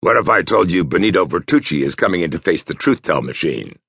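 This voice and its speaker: A man's voice: low-pitched, lively intonation, fairly quick, vocal fry, a bit bright, breathy edge, no room sound, studio quality, exaggerated voice. A man voicing a harsh, commanding male chief of detectives in an audiobook. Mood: businesslike.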